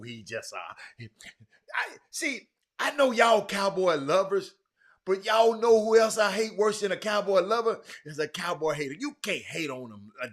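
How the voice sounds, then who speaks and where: A man hosting a casual live-stream sports talk show, chatting loosely and greeting viewers by name. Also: sits high. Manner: chatty, shouting out viewers by name, many restarts.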